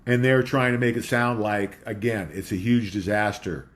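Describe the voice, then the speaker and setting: A man's voice: lowish voice, moderate pace. A man hosting a casual talk show from home, rambling in a conspiratorial monologue with a dog nearby.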